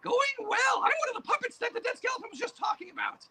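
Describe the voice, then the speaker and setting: A man voicing a crude, giggly male puppet boogeyman who cackles and shouts gross-out jokes. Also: very high-pitched, animated, fast talker, background noise, pitched above the performer's own voice. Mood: manic.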